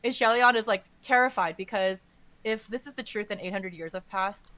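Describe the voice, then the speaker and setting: A woman podcast host casually retelling a story's plot in a rambling, animated way, saying "like" all the time. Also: medium pitch, moderate pace. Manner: rambling and animated, says "like" constantly.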